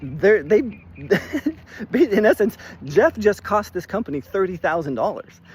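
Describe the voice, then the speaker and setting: Animated, swearing real estate investor. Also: male voice, sits high, takes it slowly, husky. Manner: animated, swears when worked up, lots of "like". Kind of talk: casual storytelling vlog.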